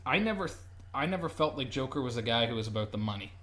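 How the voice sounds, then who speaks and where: A man's voice: mid-range voice, animated, fast, a bit bright. A man co-hosting a podcast, talking casually and animatedly about a movie, swearing and laughing. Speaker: podcast co-host.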